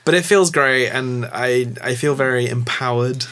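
A man's voice: medium pitch, normal speed, bright, forceful tone. A man chatting casually on a podcast about playing and running tabletop games, rambling with many filler words. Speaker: tabletop game player and game master.

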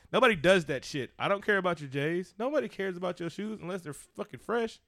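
A man co-hosting a casual comedic podcast, talking in a profane, animated, mocking way. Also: sits high, fast talker, hardly any pauses, no echo, studio quality. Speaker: co-host.

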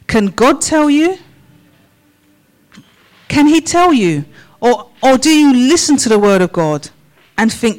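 A woman's voice: high voice, big pitch swings, a little mellow, rough recording. A woman preaching a sermon in church, asking the congregation a run of questions. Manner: slow, measured questions to the congregation.

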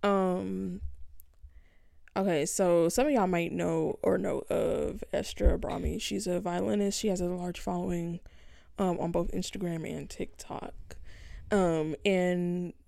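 A woman co-hosting a podcast, chatting casually and reading out news in a relaxed, laid-back way. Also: on the low side, measured pace, gravelly, no echo, clean studio sound. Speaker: podcast co-host.

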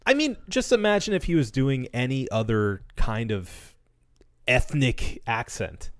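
A man co-hosting a podcast in casual chat, making dry, sarcastic asides at a deliberate pace. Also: mid-range voice, animated, no echo. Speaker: podcast co-host.

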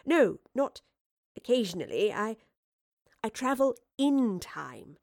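A woman's voice: a little high, sing-song, slow pace, creaky, a little mellow, no room sound, studio quality, heavily acted. A woman voicing an earnest, educated woman time traveller who explains herself carefully and hesitantly. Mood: explaining.

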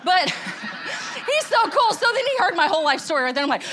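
Woman, middle-aged, high voice, emotional church testimony, candid and rambling. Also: very animated, moderate pace, bright, forceful tone. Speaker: lay speaker giving a testimony at church. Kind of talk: testimony sermon.

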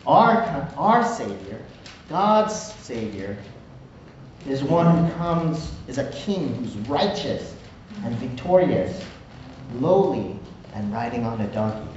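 A man's voice: medium pitch, a little mellow, slight background noise. A man preaching a conversational sermon, often checking in with "right?". He is recorded from far off in an echoey church hall with dull sound. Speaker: pastor.

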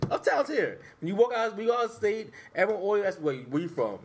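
A man's voice: high voice, fast, slight background noise. A man ranting and joking in casual sports podcast banter. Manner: animated ranting, joking slang. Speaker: podcast co-host.

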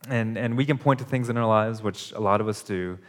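A man's voice: fairly low pitch, a little fast. A male pastor preaching a sermon at a church service, in an earnest, conversational way that repeats its phrases for emphasis. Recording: long hall reverb.

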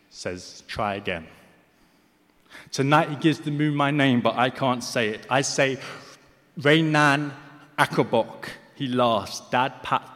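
Deaf man reciting poetry in a reverberant hall. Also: medium pitch. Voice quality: deaf speaker, slightly slurred speech. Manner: rhythmic recitation with soft, hesitant asides. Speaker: poet performing. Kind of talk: spoken word poetry performance. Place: large hall on stage.

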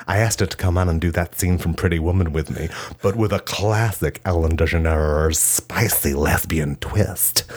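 Male comic, low voice; deadpan absurd monologue with shrill outbursts. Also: husky. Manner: deadpan storytelling with shrill shouted quotes. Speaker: comedian.

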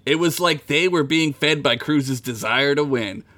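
A man's voice: fairly high pitch, a little slow, sharp tone. A man hosting a podcast, narrating a comedic story in a joking, irreverent way. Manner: joking, irreverent, laughs at his own lines.

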